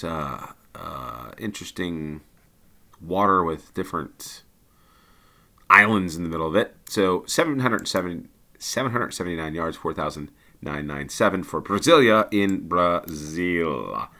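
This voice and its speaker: Male gameplay commentator, deep and crisp-edged, casual, hesitant, lots of ums. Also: sharp tone. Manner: thinking aloud, hesitant with many ums. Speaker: game commentator.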